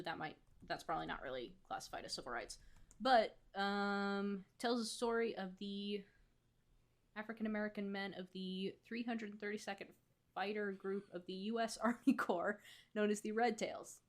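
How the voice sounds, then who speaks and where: Woman co-host, mid-pitched voice, chatty, laughs easily, thinks out loud. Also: moderate pace. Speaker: podcast co-host. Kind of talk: casual podcast chat.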